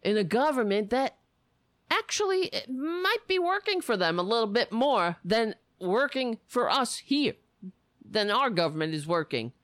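A woman rants furiously about politics, cursing and dripping with sarcasm. Her pitch swoops up and down dramatically while she drags out her words slowly and deliberately. The recording is dry and close, with no room sound. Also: sing-song, fairly bright tone, dry recording. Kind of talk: angry political rant.

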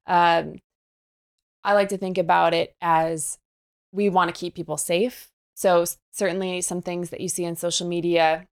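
A young woman speaking as a fitness trainer in an interview, with a slightly low, easy voice. She explains things in an upbeat, coaching way, with lots of practical asides. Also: little pitch movement, moderate pace, clear, resonant tone. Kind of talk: podcast interview conversation.

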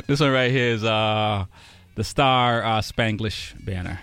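A man hosting, giving a relaxed, joking introduction with lots of fillers. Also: fairly low pitch, slow pace, smooth. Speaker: host. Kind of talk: casual introduction.

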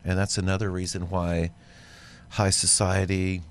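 A man co-hosting a podcast, telling a lively story in casual chat. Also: low-pitched, measured pace, a little hiss or hum. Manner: animated storyteller, acts out quoted dialogue. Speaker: podcast co-host.

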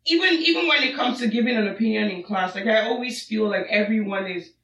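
A man's voice: sits high, fast talker, fairly bright tone, distant mic. A young man with a Nigerian accent, a podcast guest in a casual group chat, explaining earnestly and restarting his phrases. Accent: Nigerian English. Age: young adult. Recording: roomy, off-mic, faint noise.

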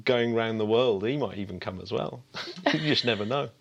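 A man co-hosting a casual podcast in a fairly low voice. He stumbles through repeated restarts but sounds keen and upbeat. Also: normal speed, a bit bright, lo-fi sound, slight background noise. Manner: stammering restarts, chuckling, enthusiastic. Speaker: podcast co-host. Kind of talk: casual chat.

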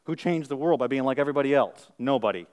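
A man preaching a sermon as pastor, conversational and self-deprecating, swinging from quiet asides to loud, emphatic peaks. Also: medium pitch, quick pace.

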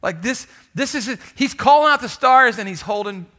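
A man preaching a sermon in an animated, lively way, often calling out to the congregation for a response. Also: very high-pitched, normal speed. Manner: animated, calls for audience response. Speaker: pastor.

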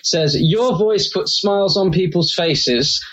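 Excitable podcast co-host. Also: medium pitch, slow, highs cut off. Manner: excitable, enthusiastic. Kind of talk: casual chat.

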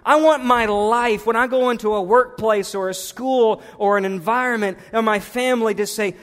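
A man preaches in a church, his voice pitched fairly high for a man. He swings from loud, urgent appeals down to hushed, intimate tones. The sound carries a long reverb from the hall. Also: steady tone, normal speed, hardly any pauses. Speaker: pastor. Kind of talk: sermon. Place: church sanctuary.

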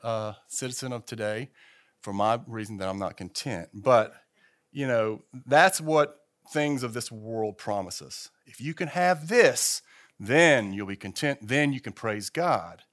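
In his fifties, a pastor with a mid-range voice speaks a little slowly as he preaches to a church congregation. His delivery is loose, conversational and animated, and he restarts his sentences frequently.

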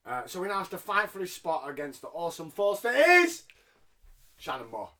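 A man's voice: sits high, wildly swooping pitch, fairly quick, pushed and bright. A man co-hosting a podcast, recapping wrestling in a sarcastic, jokey, swearing way. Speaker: podcast co-host. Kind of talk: casual wrestling recap chat.

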